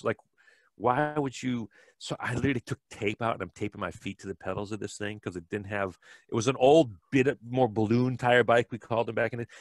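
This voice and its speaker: With a medium-pitched, fairly bright voice and no echo, a middle-aged man from Wisconsin, USA, who works as a bike fitter, swaps loose, casual stories as a podcast guest. He's rambling, full of fillers and false starts.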